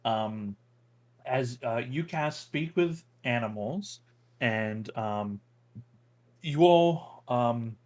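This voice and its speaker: Slow, hesitant young man as game master. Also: mid-range voice, animated, a little mellow. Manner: hesitant, full of ums and likes. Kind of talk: narrating a tabletop game.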